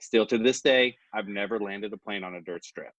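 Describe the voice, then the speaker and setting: A man from the Missouri Ozarks, a guest on a podcast, telling his story in a folksy, animated way. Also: fairly low pitch, moderate pace, dry recording, dull audio. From Missouri Ozarks, United States. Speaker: guest, military operator. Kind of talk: casual storytelling interview.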